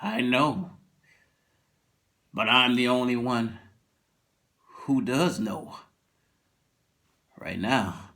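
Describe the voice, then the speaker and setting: A man's voice: medium pitch, drawn-out words, long pauses, sharp tone, voice pushed down, full character voice. A man acting out a frightened, distraught husband on a plane who pleads anxiously. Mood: grim.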